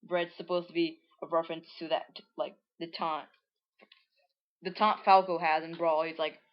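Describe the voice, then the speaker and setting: A woman's voice: sits low, flat delivery, normal speed. A woman casually reading aloud and explaining a comic she made as a child, rambling with many asides. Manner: rambling, full of likes and restarts, amused. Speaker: reader. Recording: dull lo-fi recording.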